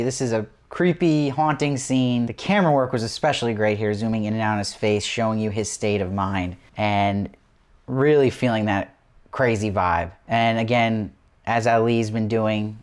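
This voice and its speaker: A man's voice: fairly low pitch, moderate pace. Man reviewing a TV episode. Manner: enthusiastic, asks lots of rhetorical questions. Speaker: TV review host.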